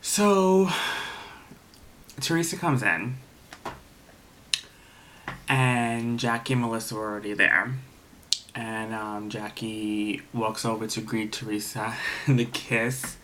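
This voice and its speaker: A tired man recapping a reality TV episode late at night, talking low, rambling and gossipy with lots of fillers. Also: fairly even intonation, takes it slowly, pauses often, a bit bright, a little hiss or hum. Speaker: TV episode reviewer. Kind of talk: casual recap vlog.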